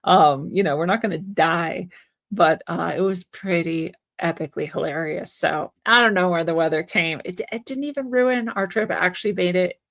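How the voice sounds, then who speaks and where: A woman's voice: fairly low pitch, normal speed, creaky, fairly bright tone. A woman from the Pacific Northwest hosting a tarot channel, talking in a chatty, rambling way with frequent laughs and fillers before reading the cards. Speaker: tarot reader and channel host. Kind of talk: casual monologue, tarot reading.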